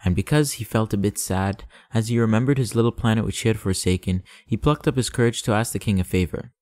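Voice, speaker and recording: A man reading a classic story aloud as an audiobook narrator, calm and measured. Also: on the low side, no room sound, studio quality.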